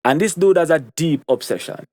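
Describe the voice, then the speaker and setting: A man's voice: a little high, lively intonation, brisk, a little mellow, dry recording. A young man with a Jamaican accent giving an opinion monologue to camera, repeating his points for stress. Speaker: commentary vlogger.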